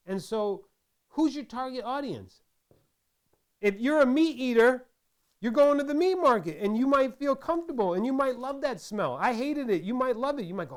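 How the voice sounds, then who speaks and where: A man's voice: very high voice, expressive, moderate pace. A man casually chatting while making crafts, rambling through stories with lots of restarts. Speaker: craft vlogger. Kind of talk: casual tutorial chat.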